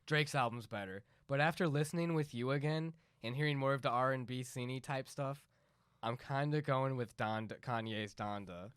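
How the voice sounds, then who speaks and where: A man's voice: medium pitch, normal speed, fairly bright tone, smooth, no echo, clean studio sound. A man co-hosting a casual podcast, teasing his friend in laid-back banter. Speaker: podcast co-host. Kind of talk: casual chat.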